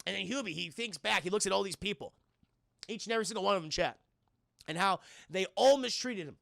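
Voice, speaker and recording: A man's voice: high voice, fast talker, creaky, a bit bright, dry recording, studio quality. A man streaming a casual film recap, rambling, swearing and constantly addressing his chat.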